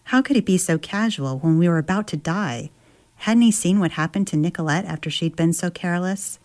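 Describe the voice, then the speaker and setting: A woman author and travel writer reads from her memoir and then talks about it reflectively, often pausing to search for words. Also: on the low side, a little mellow. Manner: reflective, with many fillers and restarts.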